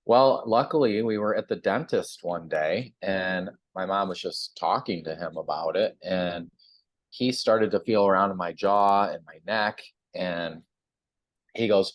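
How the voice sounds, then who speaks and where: A man's voice: low-pitched, unhurried, no echo. A man, a chiropractor guest on a sponsored TV segment, chatting casually and acting out the voices in his own story. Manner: animated storyteller, acts out quotes.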